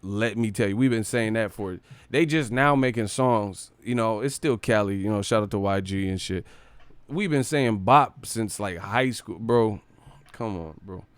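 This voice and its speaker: A man from the Bay Area hosts a live stream and riffs in a loose, profane, joking way. His voice is smooth and clear at a middling pitch. The sound is dry and close to the mic. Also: normal speed, no room sound. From Bay Area, California. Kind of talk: casual live-stream commentary.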